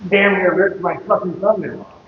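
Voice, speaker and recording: A man tells a rambling, profanity-laced story on a live stream, his voice sitting a touch high. The sound is dull and lo-fi, carrying a long hall reverb and steady background noise. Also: moderate pace. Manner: profane, rambling, laughs while telling stories. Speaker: fitness streamer. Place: gym, echoey room.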